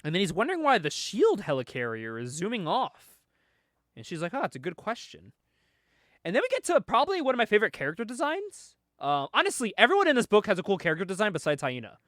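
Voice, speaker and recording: A man's voice: sits high, wildly swooping pitch, quick pace, fairly bright tone, dry recording, studio quality. A man casually recapping a comic book, laughing often and acting out the lines he quotes. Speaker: podcast co-host.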